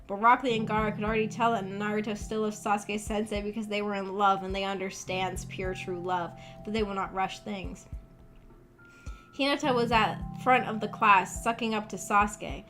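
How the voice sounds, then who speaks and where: A woman's voice: medium pitch, steady tone, normal speed, a bit bright, faint music behind. Amused woman reading a fanfic aloud. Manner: amused, laughs often. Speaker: streamer. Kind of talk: dramatic reading with comic asides.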